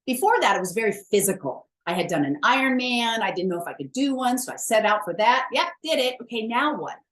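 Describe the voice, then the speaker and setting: A woman's voice: on the high side, expressive, a little fast, a bit bright. A woman wellness coach giving a chatty, emphatic motivational talk, blunt and self-mocking, with the odd swear word.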